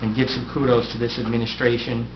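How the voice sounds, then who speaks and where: A man's voice: medium pitch, little pitch movement, fast talker. Wry middle-aged man giving a farewell speech. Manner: wry, self-deprecating humor. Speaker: outgoing mayor. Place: council chamber dais. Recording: echoey, dull, noisy room recording.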